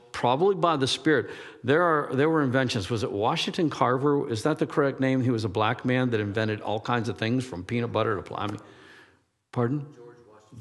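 A man in his sixties preaching a sermon, rambling and self-deprecating, often laughing at himself. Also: mid-range voice. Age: 60s. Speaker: pastor. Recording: long hall reverb.

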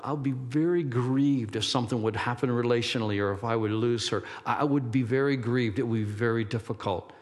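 A middle-aged man preaching a sermon as pastor, conversational and emphatic. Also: mid-range voice. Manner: conversational, emphatic, self-deprecating. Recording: long hall reverb.

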